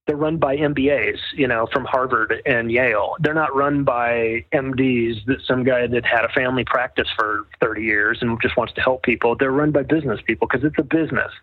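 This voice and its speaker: A man rambles through his points with a wry, sardonic edge. His voice is mid-pitched and comes through a thin, phone-like line. The sound is dry, with no room around it. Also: no echo. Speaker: guest author. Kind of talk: casual interview storytelling.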